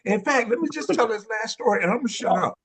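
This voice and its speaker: A man, excitedly telling stories on a panel and acting out the voices of the people in them. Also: high-pitched, quick pace, a crowd in the background. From Oakland, California. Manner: excitable, acts out quoted voices, street slang. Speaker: panel guest, dance pioneer. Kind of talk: animated storytelling in a panel conversation.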